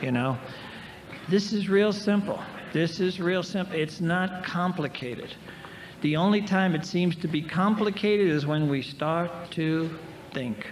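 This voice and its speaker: A man's voice: high voice, measured pace. Wry older man in a big echoing hall. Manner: wry, self-mocking humor. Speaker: AA speaker. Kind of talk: storytelling speaker talk. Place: large convention hall. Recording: reverberant 1990s hall tape with faint hiss.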